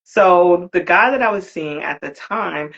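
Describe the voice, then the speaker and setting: A woman's voice: on the low side, a little slow, gravelly, fairly bright tone, muffled recording. A woman telling a comic story with lots of energy, swearing now and then and acting out the voices she quotes. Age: older. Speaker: guest, creator of a brand for Black women.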